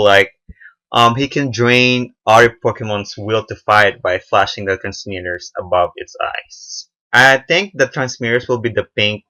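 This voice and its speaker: A young man giving casual, unscripted commentary on a game trailer, halting often with fillers and restarts. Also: lowish voice, sharp tone. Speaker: gaming video reviewer.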